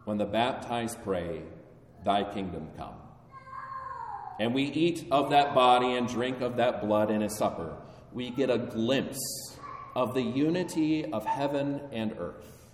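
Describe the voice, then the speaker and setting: Guy preaching slow and solemn, church hall echo, sounds kinda far from the mic. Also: mid-range voice, a little hiss or hum. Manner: measured, solemn delivery with rising emphasis. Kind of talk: sermon. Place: church sanctuary. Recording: echoey hall, voice from afar.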